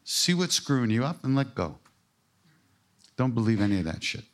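A man's voice: medium pitch, very animated, moderate pace. A man giving an informal spiritual talk, earthy and joking, with emphatic repetition and frank language. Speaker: spiritual teacher.

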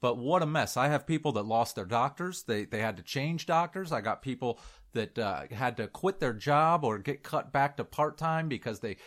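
A man's voice: medium pitch, expressive, normal speed. A man co-hosting a casual political chat, his voice cracking as he rants bluntly and with emphasis. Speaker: co-host.

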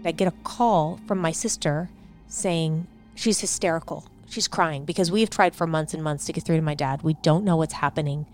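A woman's voice: low-pitched, moderate pace, darkish tone, soft background music. A woman giving personal interview testimony, earnest and emphatic, acting out what others said. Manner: earnest, emphatic, recounting with quoted dialogue. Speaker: interviewee, daughter recounting family events.

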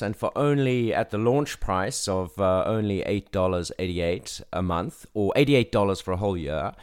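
A man with a South African accent, co-hosting a podcast in casual chat with dry, laid-back humor. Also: lowish voice. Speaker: podcast co-host.

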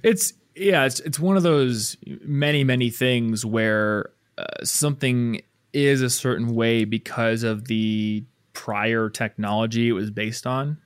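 A man's voice: medium pitch, measured pace, clear, resonant tone, no echo. Chatty man, dry close-miked podcast sound. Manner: chatty, laughs easily, tells anecdotes. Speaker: podcast co-host. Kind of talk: casual chat.

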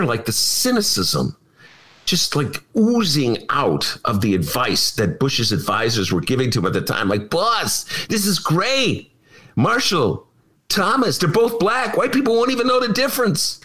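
Middle-aged host, sarcastic political commentary, animated bright delivery. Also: male voice, sits low. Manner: animated, sarcastic, mocking impressions. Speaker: podcast host. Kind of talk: opinionated political talk.

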